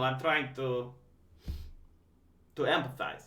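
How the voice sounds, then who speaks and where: A high, bright male voice that mocks with dry sarcasm and trips over his own words as he restarts. He sits back from the mic in a room that echoes noticeably. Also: moderate pace, distant mic. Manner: sarcastic, mocking, stammering restarts. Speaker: live-stream host. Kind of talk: casual live-stream commentary.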